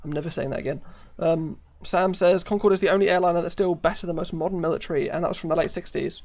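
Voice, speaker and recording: A man's voice: a little high, fairly even intonation, fast talker, creaky, a little mellow. A man with a British accent chatting casually while live-streaming a game, rambling with many fillers and frequent laughs. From United Kingdom.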